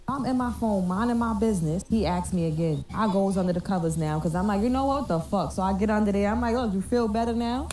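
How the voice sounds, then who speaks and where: A woman's voice: mid-range voice, fast, recorded from a distance, a little hiss or hum. Profane woman telling a scary story. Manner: profane, slangy, animated retelling. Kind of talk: casual storytelling to camera.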